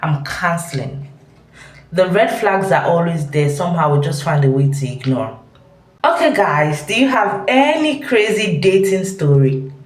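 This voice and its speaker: A woman host giving a relaxed, laughing commentary on clips she has just watched. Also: on the low side, moderate pace, echoey room, rough recording. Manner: laughing, relaxed reaction chat. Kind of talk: casual commentary.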